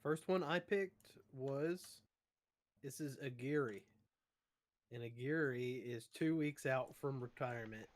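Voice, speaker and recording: A man's voice: medium pitch, slow pace. A man playing at a streamed tabletop game, easygoing and casual as he explains his character. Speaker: player.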